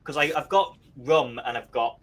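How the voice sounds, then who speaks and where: A man in a casual group chat, chatty and animated, swearing casually. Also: medium pitch, normal speed, a little hiss or hum. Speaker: co-host.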